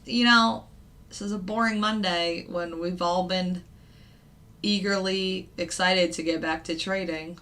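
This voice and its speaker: Bright-voiced woman doing live trading commentary. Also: fairly low pitch, fairly even intonation, a little slow. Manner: casual, thinking aloud with fillers and light laughs. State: hiccups. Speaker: futures day trader and channel host.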